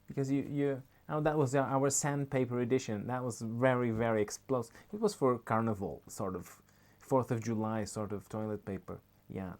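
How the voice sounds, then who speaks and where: A man's voice: medium pitch, steady tone, moderate pace, few pauses, darkish tone, natural voice. A man voicing a chirpy woman shop clerk, speaking in a singsong customer-service politeness.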